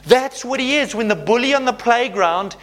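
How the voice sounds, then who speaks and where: A man preaching a sermon, animated and conversational, often checking in with his listeners. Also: very high voice, normal speed. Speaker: pastor.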